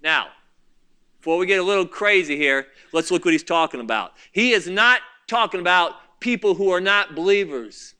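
A man preaching from the pulpit in a very high, piercingly bright voice. His tone is smooth and clear, and he swings between loud bursts and quiet asides. His delivery is impassioned. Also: animated, moderate pace. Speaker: pastor. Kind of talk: sermon.

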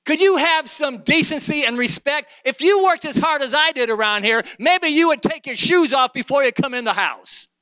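A man voicing an indignant middle-aged church wife who scolds her husband in a shrill, drawn-out nagging tone. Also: expressive, pushed and bright, dry recording, exaggerated voice, low-quality recording.

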